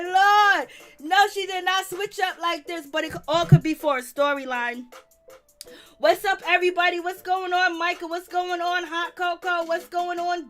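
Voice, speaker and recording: A woman with a notably high voice hosts a casual gossip live stream, sassy and sarcastic as she calls out viewers by name. Faint music plays quietly behind her.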